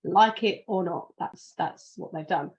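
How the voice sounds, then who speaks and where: A woman's voice: on the low side, measured pace. A British woman hosts a podcast in a loose, chatty monologue, sounding sleepy as she wanders from point to point and breaks off mid-sentence. The recording is dull and a little lo-fi. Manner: chatty, rambling, restarts sentences. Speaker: podcast host.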